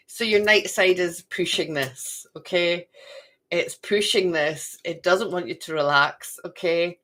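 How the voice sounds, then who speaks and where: A woman in middle age reads oracle cards for her viewers at an unhurried pace. Her voice sits low, and she chats loosely, often thinking aloud to herself. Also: a bit bright. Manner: chatty, talks to herself, repeats phrases. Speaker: card reader. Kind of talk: live oracle card reading to viewers.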